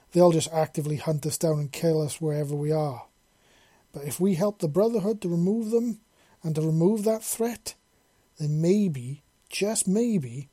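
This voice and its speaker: A man reading as a calm, reasoning male ally. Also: fairly high pitch, lightly acted. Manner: reasoning, persuasive.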